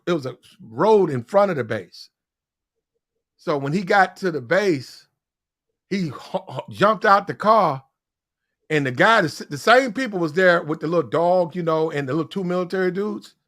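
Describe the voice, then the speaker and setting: A man's voice: on the high side, a bit bright. A man telling a rambling story in casual slang on a podcast, often restarting his sentences.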